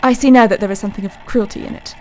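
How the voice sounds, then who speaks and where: A woman's voice: medium pitch, steady tone, darkish tone, a little hiss or hum, natural voice, poor audio. A woman playing a brooding young male doctor. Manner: measured, introspective journal reading. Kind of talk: radio play acting.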